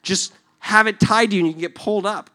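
Eager, coaxing rescuers, voiced by a man, high and bright. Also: quick pace. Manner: urgent, coaxing. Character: eager rescuers at the top of a well.

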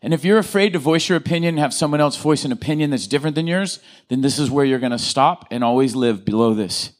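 A male pastor preaching a lively sermon, joking with the congregation and asking them to answer back. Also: medium pitch, fast. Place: church.

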